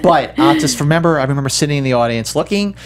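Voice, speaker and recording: A man's voice: on the high side, wildly swooping pitch, fast. A man co-hosting a film podcast in casual chat, playful and emphatic, stretching out his stressed words.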